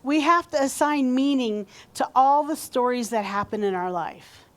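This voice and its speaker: A woman's voice: high-pitched, moderate pace. A woman pastor giving a sermon in a church, talking conversationally and leading the congregation in call-and-response. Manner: warm conversational preaching, leads call-and-response. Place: church sanctuary.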